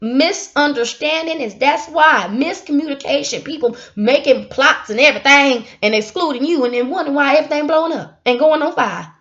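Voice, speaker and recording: Young woman, high voice, animated preachy talk, dull lo-fi sound. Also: fairly quick, hardly any pauses. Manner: animated, preachy, swings from loud to hushed. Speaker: speaker. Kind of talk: casual spiritual monologue.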